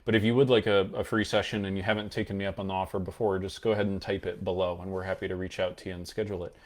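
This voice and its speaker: A man's voice: low voice, little pitch movement, rapid-fire. A man coaching on mental health, explaining earnestly and showing different tones of voice as he teaches. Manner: earnest, emphatic, demonstrates tones of voice while teaching. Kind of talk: explanatory coaching talk to camera.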